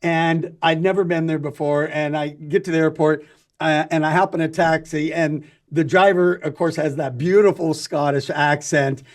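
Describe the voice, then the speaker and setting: A man hosting a podcast in casual chat, excitable and joking, laughing often. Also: fairly high pitch, moderate pace. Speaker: podcast host.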